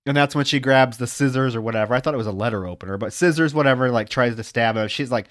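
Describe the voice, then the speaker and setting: A man's voice: medium pitch, fast, fairly bright tone, no room sound, clean studio sound. A man on a podcast panel, casually retelling a film's plot with lots of filler words. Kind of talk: casual film discussion.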